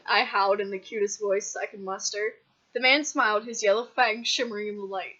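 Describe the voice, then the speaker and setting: A woman's voice: on the high side, a little fast, sharp tone. A woman reading a comic fanfiction story aloud with mock-dramatic narration. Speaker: fanfiction reader. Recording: dull lo-fi recording.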